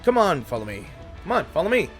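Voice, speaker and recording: A man voicing a pushy travel agent in a game, rattling off sales pitches and lectures. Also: sing-song, fast talker, a bit bright, faint music behind. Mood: lecturing.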